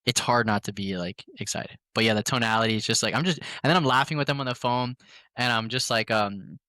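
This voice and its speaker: A man chatting casually on a podcast, telling animated stories about his phone sales calls in slangy talk, acting out both sides of each call. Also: mid-range voice, brisk, dry recording. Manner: animated storytelling, quotes his calls in voices; slangy, says "bro" often. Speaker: podcast guest. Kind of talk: casual chat.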